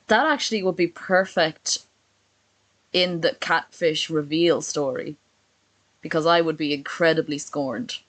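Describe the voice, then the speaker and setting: A woman streaming from home with a slightly low voice, talking casually and sarcastically. She reacts as she goes and reads messages aloud in little put-on voices. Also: unhurried, a bit bright. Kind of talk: casual live stream commentary.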